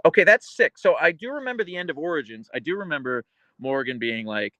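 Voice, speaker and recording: Crisp-spoken American man streaming. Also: a little high, lively intonation, quick pace, pushed and bright, no room sound, dull audio. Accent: American, crisply enunciated. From Pittsburgh, Pennsylvania. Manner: enunciates consonants sharply, rambling asides. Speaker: livestream host reading chat. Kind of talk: casual livestream chat.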